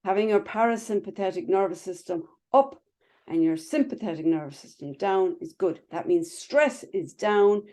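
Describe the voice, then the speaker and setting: A woman's voice: lowish voice, dark tone. A woman teaching a class over a video call, chatty, explaining with everyday images and checking in with "right?" and "okay?" after nearly every phrase. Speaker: wellness instructor.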